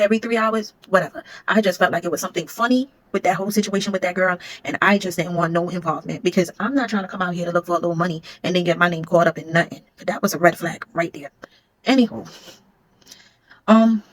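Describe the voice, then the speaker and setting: A woman's voice: medium pitch, low-quality recording. A woman telling a story in a blunt, emphatic, conversational way. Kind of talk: casual storytime.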